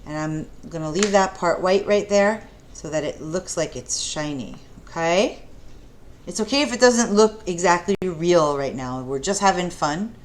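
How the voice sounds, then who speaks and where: Low-voiced woman teaching kids art. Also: unhurried. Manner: gentle, encouraging, asks the kids questions. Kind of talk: art lesson for young children.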